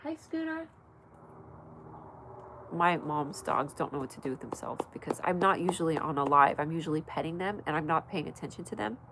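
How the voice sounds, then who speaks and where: An American woman with a stuffy nose, chatting fast and casually while hosting her live comedy stream from home. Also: low-pitched, noisy background. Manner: fast, chatty, talks to pets and viewers.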